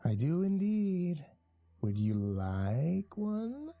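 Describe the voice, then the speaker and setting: A man voicing a creepy, patronizing male tattooist with a high, whiny, drawn-out voice. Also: sing-song, warm tone, muffled recording, faint music behind, exaggerated voice.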